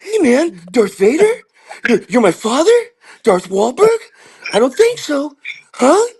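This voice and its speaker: A comedian doing an impression of a jittery, pushy movie star in clipped, jabbing questions. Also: male voice, extremely high pitch, huge pitch swings, measured pace, slightly rough, voice pushed up, heavily acted.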